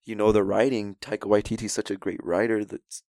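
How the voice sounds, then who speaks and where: A young co-host rambles excitedly about films on a podcast, his voice on the low side, gravelly, slightly mellow, and brisk with little pitch movement. There's no room sound, and he quotes scenes in put-on voices.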